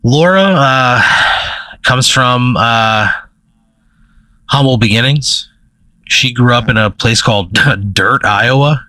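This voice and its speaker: Bright-voiced young man rambling a made-up story. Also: medium pitch, takes it slowly, pauses often, dry recording, low-quality recording. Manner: rambling, full of "like" and "you know". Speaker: podcast co-host. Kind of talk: improvised storytelling.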